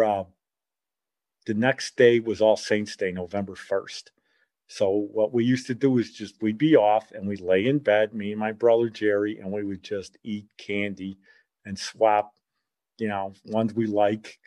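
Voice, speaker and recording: A middle-aged man telling a childhood story in a rambling, animated way, often correcting himself partway through. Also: fairly low pitch, measured pace. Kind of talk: casual spoken reminiscence.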